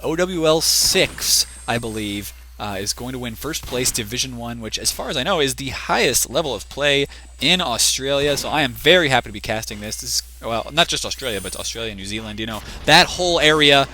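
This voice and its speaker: A man casting a team shooter match on his own, his voice bright and edged but worn from a long event. He rambles and thinks aloud as the plays unfold, with a faint hiss of room noise behind him. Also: mid-range voice, expressive, brisk. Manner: rambling, restless, thinks aloud, chides the camera. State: losing his voice. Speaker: esports shoutcaster. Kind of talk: live game commentary.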